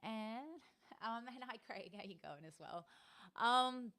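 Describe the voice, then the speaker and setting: A woman's voice: a little high, lively intonation, slow, fairly bright tone. An Australian woman in her thirties chatting in a rambling, casual way on a live stream, with many ums and frequent laughs.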